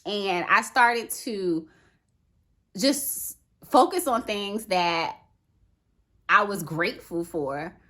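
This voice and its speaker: Bright, chatty woman vlogger. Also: medium pitch, very slow, pauses often. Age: adult with a daughter. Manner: chatty, animated, lots of "okay" and "right". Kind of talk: casual chat to camera.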